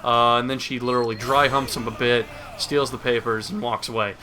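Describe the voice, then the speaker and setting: A man's voice: mid-range voice, fairly even intonation, a little fast, background noise. A man giving a crude, sarcastic, rambling comedic recap of a movie as a video host. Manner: rambling, crude, sarcastic, mocks with silly voices.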